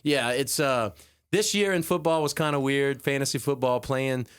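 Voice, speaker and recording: This man hosts a podcast and works as a DJ, speaking at a moderate pace in a clear, resonant, medium-pitched voice. Chatting casually, he animates his stories by mimicking his friends, captured in clean studio sound with no echo.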